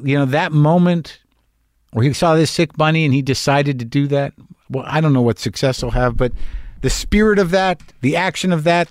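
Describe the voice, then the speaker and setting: A man hosting a podcast, talking in a rambling, sardonic way that swings between loud outbursts and hushed asides. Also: on the high side, no room sound, clean studio sound. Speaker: podcast host. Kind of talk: conversational monologue.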